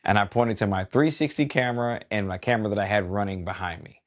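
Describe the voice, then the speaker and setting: A middle-aged man, a wedding DJ hosting a podcast, telling a story in a relaxed conversational way with lots of asides. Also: lowish voice, fast. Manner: relaxed and conversational, many "you know" asides.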